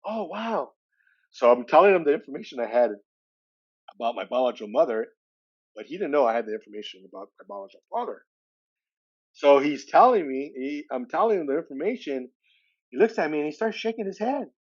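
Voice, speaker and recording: A man's voice: on the high side, lively intonation, quick pace. Man in his sixties telling a story, muffled audio. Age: 60s. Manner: loose, conversational, retells dialogue with "he goes". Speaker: podcast guest. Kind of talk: casual personal storytelling.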